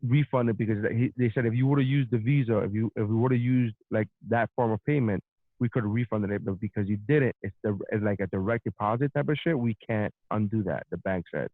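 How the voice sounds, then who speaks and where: A man hosting a podcast, telling a story in a profane, animated casual rant. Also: fairly low pitch, brisk, no room sound. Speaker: podcast host. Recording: dry, phone-like narrow sound.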